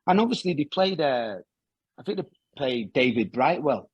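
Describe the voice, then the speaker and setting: A man's voice: a little high, expressive, moderate pace, breathy edge, dry recording. A man, a former professional footballer, telling rambling anecdotes in a casual interview, full of restarts and fillers.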